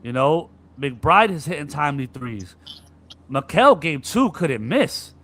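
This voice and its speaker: Male podcast co-host, bright tone, lively, excitable sports banter. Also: fairly high pitch, slow. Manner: animated, acts out players' griping with profanity. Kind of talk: casual sports chat.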